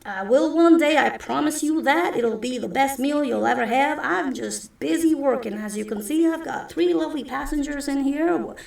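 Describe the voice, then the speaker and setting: A charming space cabbie who flirts and sweet-talks everyone, voiced by a woman. Her tone is easy and slightly gravelly. The room echoes around a mic some way off. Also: high-pitched, normal speed, hardly any pauses, pitched above the performer's own voice. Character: smooth-talking male space taxi driver. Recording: roomy echo, distant mic.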